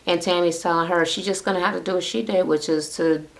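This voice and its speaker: A woman's voice: lowish voice, fairly even intonation, quick pace, vocal fry. A woman recapping a reality show in casual, profane chatter, blunt and sarcastic as she talks to camera. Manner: blunt and sarcastic, with frequent swearing.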